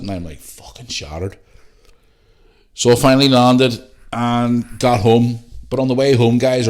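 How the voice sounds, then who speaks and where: A middle-aged Northern Irish man hosting a podcast, telling a rambling, sweary story and talking to his listeners as guys. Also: fairly low pitch. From Northern Ireland. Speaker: podcast host. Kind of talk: casual storytelling chat.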